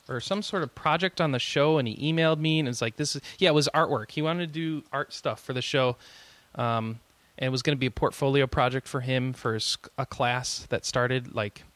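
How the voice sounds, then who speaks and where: A man's voice: medium pitch, fairly bright tone, no echo. A man hosting a podcast in casual chat, rambling with jokey asides and frequent chuckles. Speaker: podcast host.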